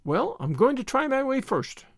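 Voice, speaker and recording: A man's voice: big pitch swings, moderate pace, vocal fry, dry recording, studio quality, exaggerated voice. A man voicing an earnest, idealistic young woman teacher in a storybook reading. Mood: indignant. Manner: earnest, high-minded.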